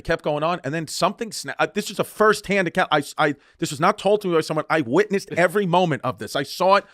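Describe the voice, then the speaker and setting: A man's voice: a little high, fast talker, fairly bright tone, no room sound, studio quality. A man co-hosting a podcast, telling a story in a loose, swearing way and laughing between sentences. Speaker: podcast host. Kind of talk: casual chat, storytelling.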